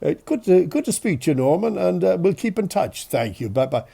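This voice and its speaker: Brisk commanding mother figure, older woman doctor, voiced by a man with a cold, husky and animated. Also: high voice, pitched above the performer's own voice, exaggerated voice. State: has a cold.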